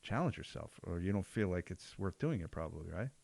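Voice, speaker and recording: A man's voice: low voice, animated, a little fast, vocal fry, darkish tone, husky, no echo. A man hosting a podcast as a jiu-jitsu black belt, talking casually and often checking in with "right?".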